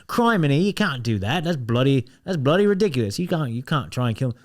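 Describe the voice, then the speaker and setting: A man voicing a prim, fussy British man, exclaiming indignantly in a high put-on voice. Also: sing-song, a little fast, natural voice. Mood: indignant fussing.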